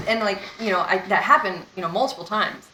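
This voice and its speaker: A woman's voice: medium pitch, bright, forceful tone, reverberant, poor audio. A young woman in a casual storytime vlog, talking candidly and rambling, with lots of "like" and "you know.". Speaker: vlogger.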